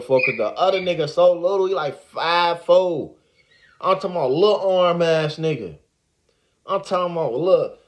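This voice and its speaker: A man telling a story in a casual, animated, slang-heavy way, repeating the same filler words. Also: a little high.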